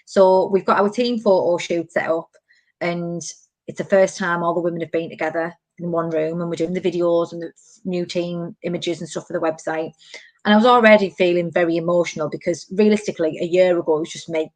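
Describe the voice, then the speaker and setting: Woman in her 30s, lowish voice, animated chatty host. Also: a little fast, dry recording. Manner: animated storytelling, many fillers. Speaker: podcast host. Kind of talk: casual chat.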